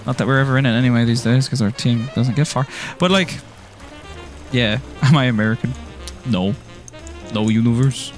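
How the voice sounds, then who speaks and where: An Irish man streams a game, rambling and joking with viewers, laughing often and teasing himself in casual commentary. His voice is medium-pitched at a normal speed with frequent pauses, over soft background music.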